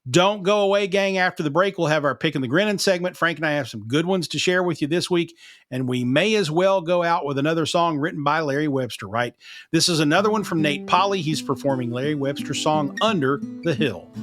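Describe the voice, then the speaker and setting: A man's voice: fairly high pitch, brisk, a bit bright, dry recording, studio quality. A man with a slight Appalachian twang hosting a podcast in a folksy, self-deprecating way that is full of laughs. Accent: Eastern Kentucky Appalachian, slight twang. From Appalachian mountains. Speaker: podcast host and broadcaster. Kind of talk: casual chat.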